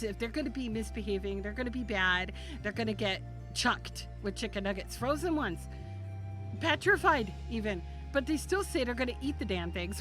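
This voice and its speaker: A woman in her thirties chatting on a live stream, bubbly and excitable, laughing a lot. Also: on the high side. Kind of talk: casual live-stream chat.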